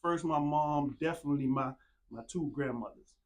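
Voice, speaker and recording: Running his own podcast, this easygoing man rambles through a casual monologue with shout-outs at a moderate pace. He speaks a little high for a man and repeats "man" and "you know what I'm saying" constantly, like he's among friends.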